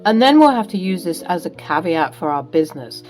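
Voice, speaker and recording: A woman's voice: fairly low pitch, sing-song, a little fast, a little mellow, soft background music, pitched below the performer's own voice. A woman voicing a scheming stepfather, a middle-aged man who blusters defensively.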